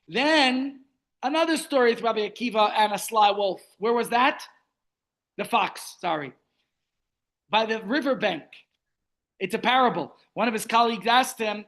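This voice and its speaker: Man teaching a lively Torah class. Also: very high voice, moderate pace. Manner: storytelling, rhetorical questions, animated. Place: online meeting. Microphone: video call.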